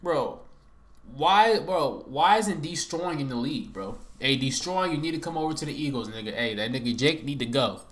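Animated, cursing young man reacting. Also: mid-range voice, moderate pace. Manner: profane, slangy outbursts of disbelief. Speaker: sports reaction host. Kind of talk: casual reaction commentary.

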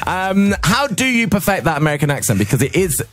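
A man's voice: high voice, sing-song, fast, a bit bright. A man hosting a radio show in a studio, playfully teasing his guest in casual chat. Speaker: radio host.

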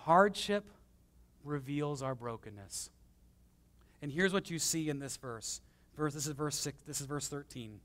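A man preaching a conversational sermon as pastor, swinging between emphatic and hushed, with self-deprecating stories. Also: on the high side, unhurried, long pauses. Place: church.

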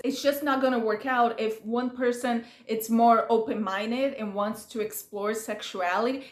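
A woman's voice: a little high, echoey room. A woman recapping a reality show in a casual, gossipy chat, acting out what others said. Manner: chatty, gossipy, animated quoting of others. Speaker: recap vlogger.

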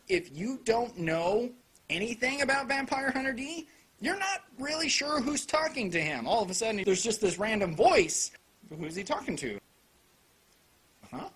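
A man rants through a casual anime review with sarcasm and plenty of profanity. His voice is somewhat husky, and his pitch rises and falls in lively swings as he mocks and praises. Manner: animated.

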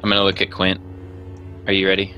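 A man with a very deep voice and little melody plays in a tabletop game. His tone is bright and forceful. Faint music plays behind him. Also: completely flat delivery, fast talker. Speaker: player.

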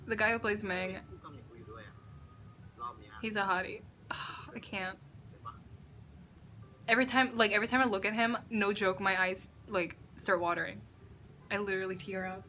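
A young woman filming a casual reaction vlog indoors at a friend's house, excitable and gushing and swearing freely. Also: mid-range voice, moderate pace, long pauses, a little hiss or hum. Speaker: reaction vlogger.

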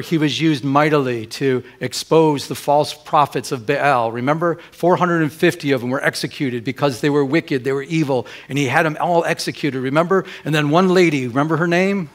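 A man preaching a sermon as pastor, putting questions to the congregation and moving between loud and hushed delivery. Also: on the high side, moderate pace. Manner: asks the congregation rhetorical questions. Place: church during a Sunday service.

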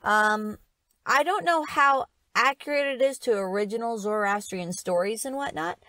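A woman's voice: a little high, normal speed, pushed and bright, dry recording. Giggly woman explaining on a podcast. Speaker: podcast host. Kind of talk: casual chat.

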